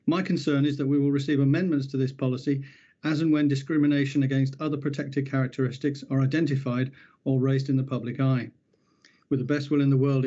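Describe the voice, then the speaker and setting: A man speaking steadily and deliberately as a councillor in a formal council debate. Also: medium pitch, warm tone. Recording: dull lo-fi sound.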